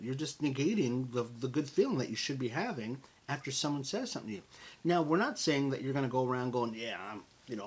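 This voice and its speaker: This middle-aged American podcast host runs a motivational show, speaking in an animated, conversational style and addressing his listeners as folks. His voice sits at medium pitch with a slightly rough edge.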